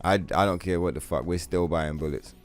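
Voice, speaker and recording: A man's voice: deep voice, steady tone, brisk, soft background music. A man chatting casually and profanely while streaming a game, rambling through long comparisons and laughing. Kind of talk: casual gaming livestream chat.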